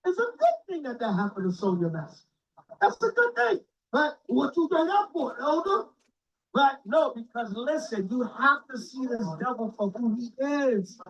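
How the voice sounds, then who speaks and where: Man, high pitch, blunt emphatic scripture teacher, profane, dull lo-fi recording. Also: very animated, normal speed, a bit bright, slightly rough. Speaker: religious teacher. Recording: dull lo-fi sound.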